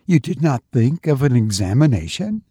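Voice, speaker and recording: Male reader playing a brisk, sharp middle-aged sister; husky and dry. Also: medium pitch, big pitch swings, no echo.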